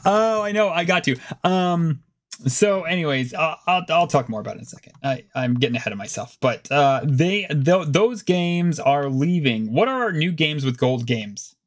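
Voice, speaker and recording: A man co-hosting a casual gaming podcast, talking in an animated, rambling way that keeps starting over. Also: moderate pace. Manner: animated, rambling, self-interrupting, pitch jumps up when excited. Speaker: podcast co-host. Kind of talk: casual chat.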